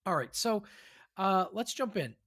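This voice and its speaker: A woman's voice: mid-range voice, fairly bright tone, breathy edge. Upbeat woman quizzing her co-hosts. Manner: upbeat, encouraging quizmaster. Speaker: podcast host running a quiz. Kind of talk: casual podcast chat.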